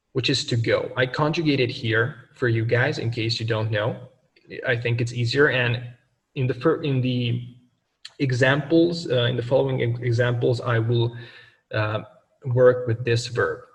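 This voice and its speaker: A man teaching grammar to learners, pausing often with fillers and correcting himself as he slows down for examples. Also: medium pitch, long reverb tail, distant mic. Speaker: language teacher.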